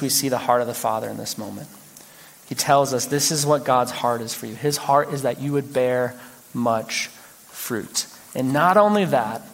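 A man preaching a sermon as pastor, telling stories with animated, rising exclamations. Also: on the high side. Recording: long hall reverb.

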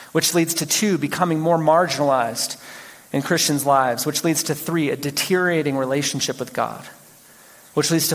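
A man preaching a sermon as pastor, telling stories with animated, rising exclamations. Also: fairly high pitch. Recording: long hall reverb.

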